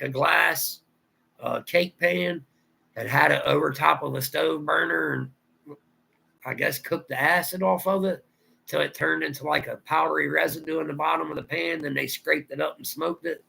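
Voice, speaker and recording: Rambling on his livestream, an Ohio host with a Southern drawl reads and responds to viewer comments in casual talk. His fairly high voice is husky, pushed and bright with vocal fry, captured in poor audio.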